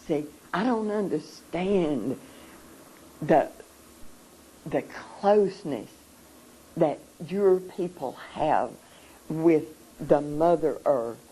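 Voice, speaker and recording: Slow, halting, earnest seminar speaker. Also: mid-range voice, warm tone, a little hiss or hum, low-quality recording. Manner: halting, with many pauses and repeated words; earnest and emotional. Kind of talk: emotional seminar testimony.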